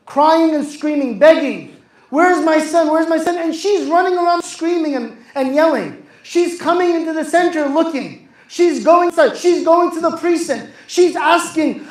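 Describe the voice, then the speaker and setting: A man telling a religious story to young people, speaking with passion, repeating phrases and asking the audience questions. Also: extremely high pitch. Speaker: youth speaker. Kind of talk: religious talk to a youth audience. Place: youth center hall. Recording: echoey hall.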